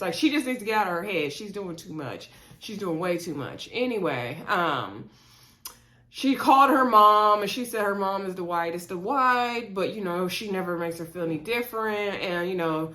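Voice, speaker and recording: A woman's voice: mid-range voice, expressive, normal speed, pushed and bright. A woman in her thirties casually recapping a reality show, gossipy, with laughing asides and lots of fillers. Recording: echoey room.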